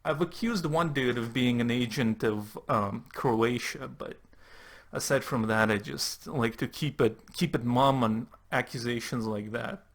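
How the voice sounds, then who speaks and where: A man's voice: mid-range voice, unhurried. A man giving sarcastic, profane commentary on political tweets as a YouTube host. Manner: mocking, profane asides.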